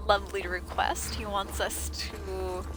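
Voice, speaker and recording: A woman streaming a video game, chatting to viewers and excitedly shouting at characters. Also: mid-range voice, slow, noisy background. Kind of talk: live gameplay commentary.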